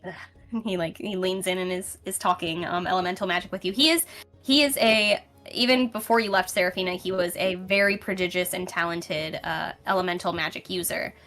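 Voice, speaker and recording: A woman's voice: on the low side, fairly even intonation, fairly quick, a bit bright, faint music behind. Chatty woman narrating a tabletop game. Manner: casual, rambling, with many fillers. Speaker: game master.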